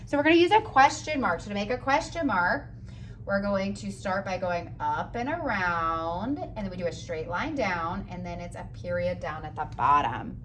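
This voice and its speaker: A woman teacher giving a slow, patient, encouraging writing lesson for young children, sounding out letters and praising often. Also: on the high side, animated, a bit bright, a little hiss or hum. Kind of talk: early-grades writing lesson.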